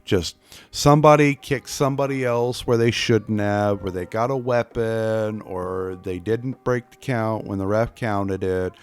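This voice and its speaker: A man's voice: fairly low pitch, measured pace, clean tone. A man teaching a casual wrestling class, chatty, with joking asides and voices put on for examples. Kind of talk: casual spoken lesson.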